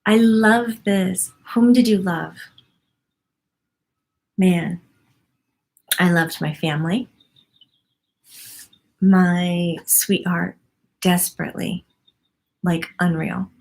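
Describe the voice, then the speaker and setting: A woman's voice: on the low side, steady tone, very slow, gravelly, long pauses, darkish tone. A woman in her forties hosting a live stream, reading viewer comments aloud and gushing over them with wonder and frequent laughter. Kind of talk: casual live-stream chat.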